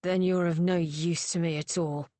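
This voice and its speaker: A woman's voice: lowish voice, fairly even intonation, moderate pace, warm tone, no echo, lightly acted. A woman voicing a surly, drunken young male rake who sneers and insults everyone around him.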